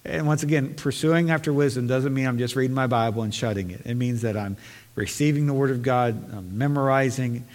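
A man's voice: medium pitch, fairly even intonation, a little fast, a little mellow. Earnest male pastor in a reverberant church. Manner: earnest, conversational preaching with scripture read aloud. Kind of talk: sermon.

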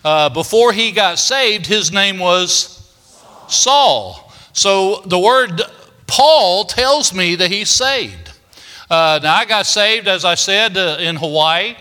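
A man's voice: high voice, lively intonation, slow pace, bright, forceful tone. An older man, preaching a storytelling sermon in a folksy, homespun way, with many "uh" fillers. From Kentucky, United States. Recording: long reverb of a large hall.

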